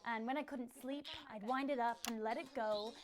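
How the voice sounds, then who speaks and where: An English actress playing a slick toy company spokeswoman in a put-on American accent, with smooth salesy corporate delivery. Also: a little high, fairly even intonation, normal speed, lightly acted. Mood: reminiscing. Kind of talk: comedy audio drama acting.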